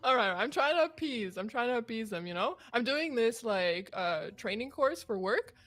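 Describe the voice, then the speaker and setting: Giggly Canadian woman caster. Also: on the high side. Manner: animated storyteller, quick laughs. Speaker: esports caster. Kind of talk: casual stream chat.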